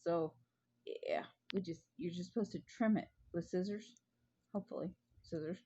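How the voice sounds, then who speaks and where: A woman's voice: on the low side, normal speed, dark tone, breathy edge, lo-fi sound. A woman vlogger telling a funny story in casual chat at home, chatty and prone to giggling.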